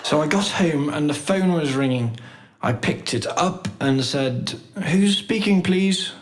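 A man reading jokes and short stories slowly and clearly for learners. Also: on the high side. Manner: careful, deliberate. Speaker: storyteller.

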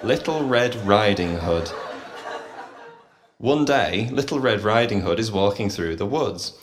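Male narrator, low and animated, reading funny short stories. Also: a little slow. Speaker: storyteller. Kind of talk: scripted story narration for English learners.

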